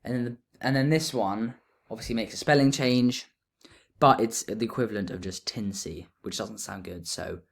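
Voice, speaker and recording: A man explaining grammar in a relaxed lesson, thinking aloud as he writes notes. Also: on the low side, normal speed, gravelly. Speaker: teacher.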